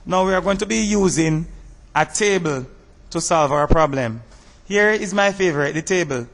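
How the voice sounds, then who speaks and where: A man teaching a math lesson over slides, explaining step by step in a measured way and asking rhetorical questions. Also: on the high side, a bit bright, in a large hall.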